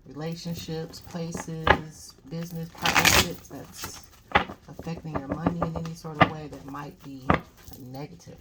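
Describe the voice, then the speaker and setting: A woman with a low voice talks casually through a tarot reading. Her phrasing is chatty and drawn-out, and her words often trail off into soft murmurs. A loud steady noise runs under the recording. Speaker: tarot reader. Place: home reading space.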